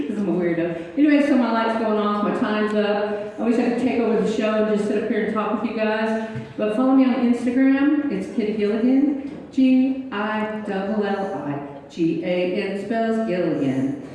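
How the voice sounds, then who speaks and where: Lady in her 60s doing standup, self-mocking stories, mellow voice, far off the mic in a big echoey club hall. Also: mid-range voice, normal speed, few pauses, slight background noise. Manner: chatty, self-mocking storytelling. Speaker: stand-up comedian. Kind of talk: stand-up comedy set. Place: comedy club stage.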